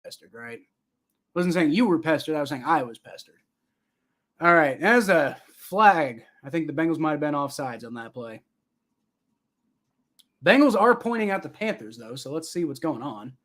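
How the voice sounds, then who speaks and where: A man's voice: a little high, expressive, normal speed, long pauses, fairly bright tone. A man hosting a live stream, calling plays loosely and chatting back at viewer comments in a rambling, casual way. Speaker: live-stream sports reaction host. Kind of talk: casual live play-by-play and chat reaction.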